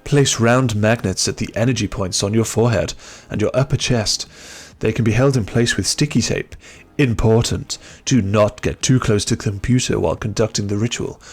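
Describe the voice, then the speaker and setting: A man's voice: on the low side, slightly rough. A man reading out an email as an earnest new-age hippie woman customer, in a mild put-on hippie voice.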